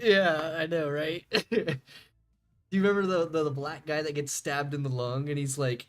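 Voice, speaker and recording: A man's voice: fairly high pitch, steady tone, moderate pace, faint music behind. Young man rambling on a game stream. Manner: rambling, laughing, swears freely. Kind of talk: casual stream chat with viewers.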